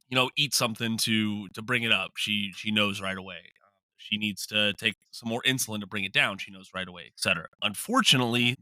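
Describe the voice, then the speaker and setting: A man's voice: fairly low pitch, pushed and bright, no room sound. A man hosting a podcast in an easygoing, affirming way. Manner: easygoing, affirming, light laughs. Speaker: podcast host. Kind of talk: casual podcast chat.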